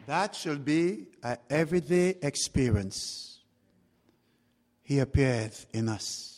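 A man delivers a sermon in a bright, high voice, drawing his words out slowly and then lifting into loud bursts. The sound rings with the long reverb of a large hall. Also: expressive. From outside Canada. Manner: slow, deliberate preaching with rising exclamations. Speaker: preacher.

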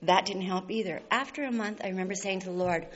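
She talks fast in a mid-range voice, a Canadian woman giving an earnest, heartfelt faith testimony while tearing up and laughing through her tears. There's a faint hiss, and the sound is a bit dull.

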